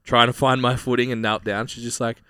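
A man's voice: medium pitch, level tone, fairly quick, fairly bright tone, clean tone, dry recording, studio quality. A young Australian man telling a rambling story in casual chat, swearing freely. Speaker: podcast co-host.

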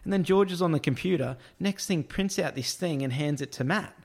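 A man's voice: on the high side, a little fast, gravelly, a little mellow. A man telling a casual anecdote about work, with crude slang, acted-out quotes and frequent laughs. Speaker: storyteller, construction worker.

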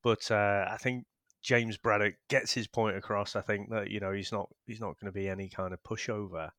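A man with a fairly low voice and a bright, forceful edge, chatting loosely about a film on a podcast. He rambles, laughs often and swears freely, and the recording is dry and close. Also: steady tone, brisk, dry recording. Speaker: podcast co-host. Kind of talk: casual film review chat.

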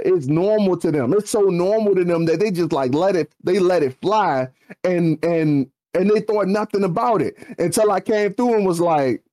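A podcast co-host with a high-sitting, darkish voice rants casually using slang, his voice leaping up when he wants emphasis.

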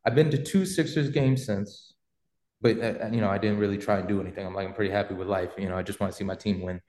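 A man's voice: on the low side, steady tone, fast talker, darkish tone, echoey room. A man hosting a podcast and telling a story in a casual, slangy, rambling way, full of fillers. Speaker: podcast host.

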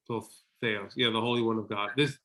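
A man's voice: fairly low pitch, fairly even intonation, a little fast, fairly bright tone. A man co-hosting a casual Bible study chat, playfully thinking aloud as he works through Greek words. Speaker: podcast co-host.

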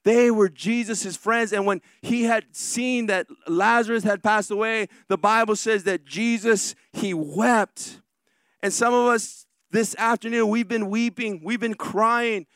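High-voiced preaching pastor, dry close sound. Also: male voice, fairly bright tone, clean tone, no room sound. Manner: preaching with slow, drawn-out emphatic lines and quick asides. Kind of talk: sermon.

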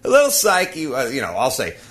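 Animated, bright-voiced man telling stories. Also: mid-range voice, brisk. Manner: animated, ranting, laughing. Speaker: podcast host. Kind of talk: casual comic storytelling.

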